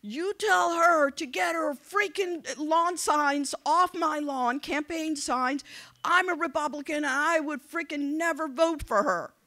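A woman acting out an angry man shouting about signs on his lawn, speaking loudly and slowly with indignation. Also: high voice, pitched above the performer's own voice, heavily acted. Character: angry middle-aged man, a fuming neighbor.

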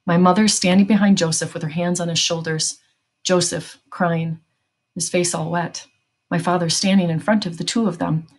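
A woman reading a novel aloud as narrator, in a tense, measured storytelling manner. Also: fairly low pitch, breathy edge.

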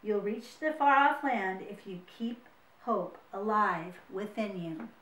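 A woman voicing a wise, kindly female frog who speaks calmly and encouragingly. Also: mid-range voice, takes it slowly, recorded from a distance, slight background noise. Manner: calm, encouraging. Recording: roomy, mic set away.

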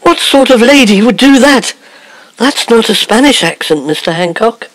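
A man's voice: extremely high pitch, animated, moderate pace, fairly bright tone, no room sound, poor audio. A man voicing a prim, genteel middle-aged woman who runs a football club, in a comedy radio pastiche. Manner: prim and refined.

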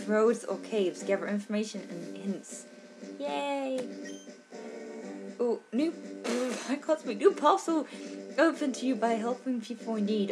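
A woman doing casual let's-play commentary, rambling and giggly, with lots of fillers and casual swearing. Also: fairly high pitch.

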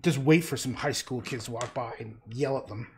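A man's voice: medium pitch, normal speed, a little mellow, slight background noise. A man chatting casually on a livestream while he paints, rambling and talking to himself about the canvas.

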